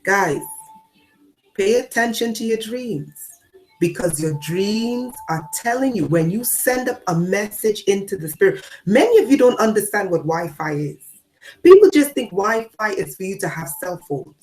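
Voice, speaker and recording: Emphatic woman preaching with loud swings. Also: expressive, normal speed, faint music behind. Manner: emphatic, swings between loud declarations and low asides; repeats phrases for emphasis. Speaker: spiritual teacher. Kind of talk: spiritual talk to an audience.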